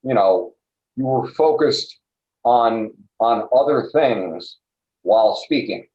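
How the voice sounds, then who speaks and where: A man's voice: medium pitch, animated, slow pace, a little mellow. A man hosting an interview, asking questions hesitantly with many fillers. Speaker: interviewer, host. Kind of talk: conversational interview. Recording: roomy, dull lo-fi audio.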